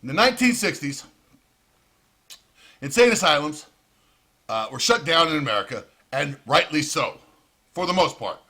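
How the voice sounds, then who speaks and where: A man's voice: a little high, lively intonation, normal speed, pauses often, bright, forceful tone. A man ranting in profane, heated commentary with sarcastic outbursts. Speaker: vlogger.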